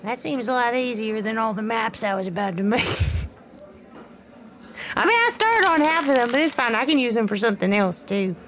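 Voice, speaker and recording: A woman's voice: on the high side, lively intonation, brisk, fairly bright tone. A woman running an improvised role-play game, wry and playful.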